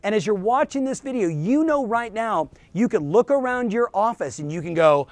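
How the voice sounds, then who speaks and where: A man hosting his own show as a real estate business coach, giving an energetic, emphatic motivational talk straight to the viewer. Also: sits high, moderate pace, few pauses, no room sound.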